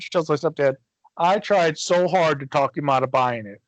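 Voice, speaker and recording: A man's voice: a little high, fast, dry recording, dull audio. A middle-aged man from Michigan, co-hosting a podcast and telling a long rambling story in casual chat, swearing freely and acting out what people said. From Michigan, USA. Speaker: podcast co-host.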